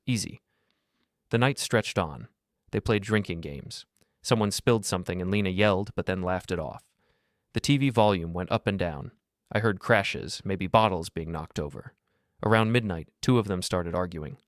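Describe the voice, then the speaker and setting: A middle-aged man narrating a first-person story in a steady, grave, measured way. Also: sits low, dry recording, studio quality.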